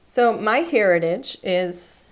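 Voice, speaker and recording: In a craft studio, a woman runs a live-streamed craft demonstration, chatting enthusiastically and thinking aloud as she works. Her voice is mid-range and her pace slow.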